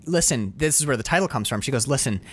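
A man casually discussing a film, acting out scenes with lively quoted voices. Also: medium pitch, racing. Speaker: podcast co-host.

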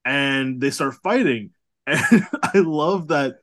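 A man co-hosting a casual chat, retelling scenes from a cartoon episode, laughing often and slipping into quick acted quotes. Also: mid-range voice, expressive, fairly bright tone. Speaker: podcast co-host.

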